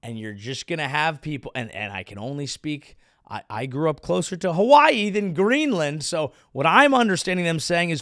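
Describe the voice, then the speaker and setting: A man's voice: a little high, lively intonation, normal speed, hardly any pauses, a bit bright, dry recording, clean studio sound. A man in his thirties, a comedian hosting his show, rambling through a profane, self-deprecating monologue. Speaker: comedian host.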